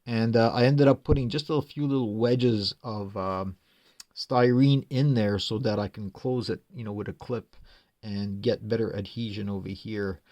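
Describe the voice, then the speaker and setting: Hobby model builder, male, mid-pitched voice, easygoing step-by-step walkthrough with lots of filler words. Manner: unhurried, explains step by step, frequent "uh" fillers.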